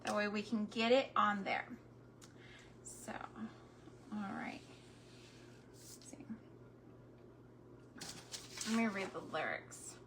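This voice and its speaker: A woman's voice: mid-range voice, slow pace, long pauses, noisy background. A woman chatting casually with her viewers while crafting, tender and a little sentimental, often speaking straight to them. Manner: talks directly to viewers.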